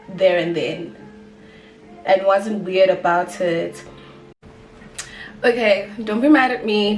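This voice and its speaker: A woman's voice: mid-range voice, distant mic. Young woman, South African accent, chatty storytime vlog, roomy echo, a bit away from the mic. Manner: animated, chatty, many fillers. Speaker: vlogger.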